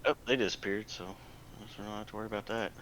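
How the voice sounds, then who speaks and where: A man's voice: on the low side, fairly even intonation, quick pace, fairly bright tone, slight background noise. A man playing a tabletop game, chatting casually with rambling asides. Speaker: player.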